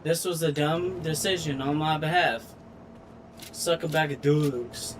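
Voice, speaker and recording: A man talks through a video game in an unhurried, drawn-out way, his voice sitting a little high for a man. He swears constantly and grumbles at the controls as he plays. A faint hiss runs under the recording. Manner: frustrated, swears a lot, slow drawl. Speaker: gaming streamer. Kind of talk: casual gameplay commentary.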